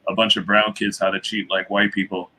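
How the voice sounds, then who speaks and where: A man's voice: fairly low pitch, level tone, a little fast, over a noisy crowd, rough recording. A man co-hosting a casual reaction chat over a remote call, joking and laughing often. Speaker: podcast co-host.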